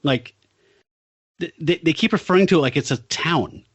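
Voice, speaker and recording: A man's voice: fairly high pitch, normal speed, dry recording, dull audio. Profane, ranting male podcast co-host. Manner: ranting, profane, self-described pedant. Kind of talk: casual chat.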